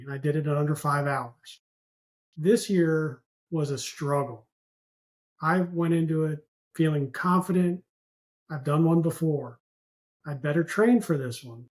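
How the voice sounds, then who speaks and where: A man's voice: fairly high pitch, darkish tone. A man in his fifties, a retired naval officer and podcast guest, telling his personal story earnestly and acting out what people said. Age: 50s. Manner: earnest, recounts with quoted dialogue.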